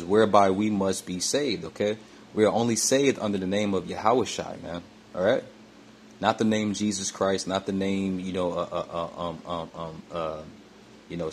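A man teaching from scripture in a repetitive, halting way, tagging nearly every phrase with "man," "all right," "okay" or "you see," with many fillers and restarts. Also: sits low, a little hiss or hum. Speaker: religious teacher.

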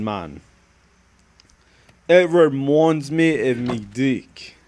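A young man giving crude, joking commentary while playing a game, swinging from muttered asides to sudden yells. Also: on the high side, big pitch swings, a little slow. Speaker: gaming video creator.

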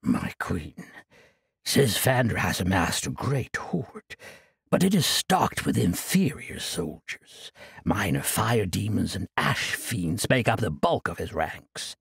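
A man voicing a proud, menacing male ice demon lord in an audiobook, with a deep, gravelly voice. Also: very animated, slow pace, a bit bright, dry recording, studio quality, full character voice. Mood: grim.

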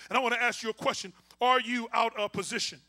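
A male pastor preaching a call-and-response sermon, swinging from quiet asides to shouting and talking to the congregation informally. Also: very high voice, fairly even intonation, fast. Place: church.

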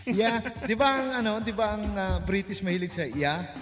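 A man's voice: high voice, animated, fairly quick, in a large hall, loud music behind the voice. A man joking around on a family stream, teasing and eager to sing. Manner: teasing, bursts into singing.

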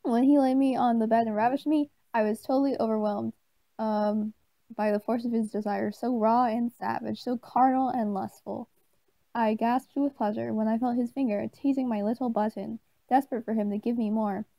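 A woman reading a story aloud in a deadpan way. She stumbles over words and breaks off to swear and make snide asides. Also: fairly high pitch, normal speed, vocal fry, no room sound, rough recording. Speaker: channel host reading aloud. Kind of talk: mock dramatic reading of a story.

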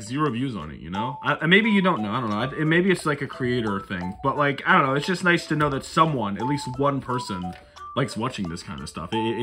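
A man's voice: mid-range voice, pushed and bright. A young man giving goofy, rambling commentary while playing a life sim game on his own channel. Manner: goofy, rambling, self-mocking. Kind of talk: casual gameplay commentary.

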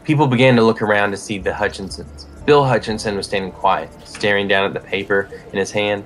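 A man narrating a short story in a measured reading voice. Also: lowish voice, fairly even intonation, faint music behind.

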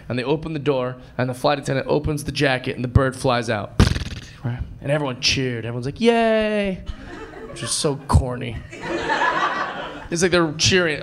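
A man performing live stand-up, telling a story in an excitable way and acting out other people's voices. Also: fairly high pitch, noisy background. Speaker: stand-up comedian. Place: comedy club stage before a live audience. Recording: live club recording with crowd laughter.

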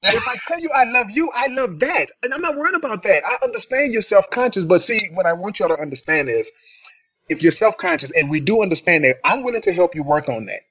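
A man's voice: high-pitched, expressive, fast, bright, forceful tone. A man co-hosting a podcast in casual chat, speaking in an earnest, emphatic way. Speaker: podcast co-host. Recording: dull, dry lo-fi audio.

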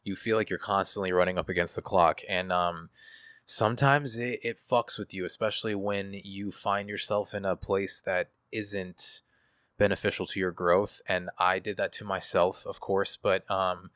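Low-voiced man speaking candidly. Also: fairly even intonation, moderate pace, fairly bright tone, no room sound, clean studio sound. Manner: casual, profane, reflective with many fillers. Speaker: guest artist. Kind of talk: candid interview.

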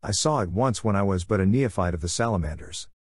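A man voicing a calm, measured veteran male warrior-monk. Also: low voice, no echo, clean studio sound.

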